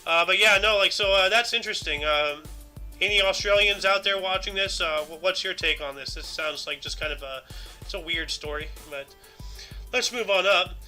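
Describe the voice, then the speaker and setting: High, bright-voiced rambling man. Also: moderate pace, faint music behind. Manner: rambling, heavy fillers like "you know". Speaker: podcast co-host. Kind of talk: casual news commentary chat.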